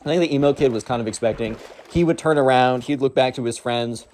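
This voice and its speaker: A young man spinning a casual anecdote in a mid-pitched voice. He rambles and packs in filler words as he goes. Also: fast talker, a little mellow, slight background noise. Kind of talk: casual storytelling.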